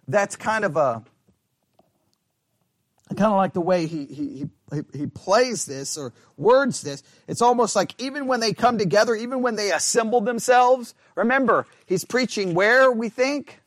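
A man with a very high-pitched voice leads a Bible study in an easy, conversational tone. He thinks out loud, stumbles over and repeats his words, and keeps asking the group questions. The sound is dry and close, with no room echo.

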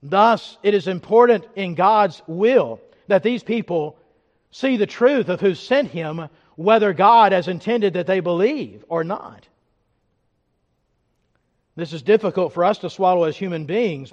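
A man preaching a sermon as pastor, emphatic, swinging from loud declarations to hushed reflection. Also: sits high, normal speed, big-room sound, muffled recording.

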